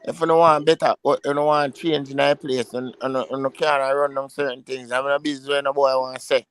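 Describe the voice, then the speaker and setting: A man's voice: mid-range voice, flat delivery, fairly quick, fairly bright tone, clear, resonant tone. A Jamaican man speaking bluntly in patois as a guest on a livestream. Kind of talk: casual chat.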